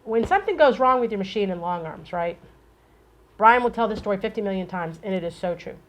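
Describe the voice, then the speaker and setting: A middle-aged woman co-hosting a casual chat, telling animated stories and acting out dialogue. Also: mid-range voice, brisk. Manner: animated storyteller, acts out dialogue. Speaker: co-host.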